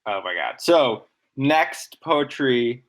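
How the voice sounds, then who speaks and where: Speaking slowly and with animation at a medium pitch, a male podcast co-host explains things during a casual chat. His manner is enthusiastic, nerdy and analytical, and he walks through examples.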